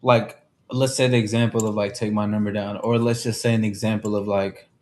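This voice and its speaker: A man's voice: lowish voice, flat delivery, fairly quick, a little mellow, a little hiss or hum. A man hosting a casual livestream chat, talking loosely in slang and calling out to his viewers. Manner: laid-back slangy talk, addresses chat. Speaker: livestream host.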